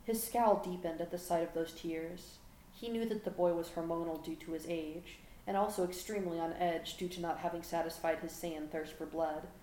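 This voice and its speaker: A woman reading a fan fiction story aloud at a steady, even pace, recorded at home. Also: lowish voice, normal speed. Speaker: fan fiction audiobook reader. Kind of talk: story narration. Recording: echoey room with faint background hum.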